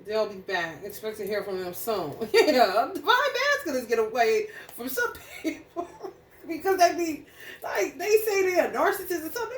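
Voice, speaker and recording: Woman astrology reader, blunt and profane, fairly high voice, mic set back in an echoey room. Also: very animated, normal speed. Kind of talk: casual spiritual reading and rant. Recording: echoey room, distant mic, faint noise.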